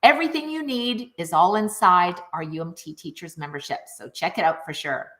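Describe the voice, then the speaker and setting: A woman's voice: on the low side, fairly quick. A middle-aged woman music teacher talking viewers through a lesson in an upbeat, chatty way. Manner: upbeat, animated, addresses viewers directly. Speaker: music teacher and program founder. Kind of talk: enthusiastic online teaching video.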